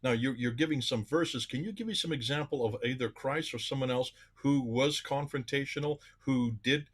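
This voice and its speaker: A man hosting an interview, asking questions with halting restarts. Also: mid-range voice. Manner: hesitant, stammering questions. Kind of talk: conversational interview.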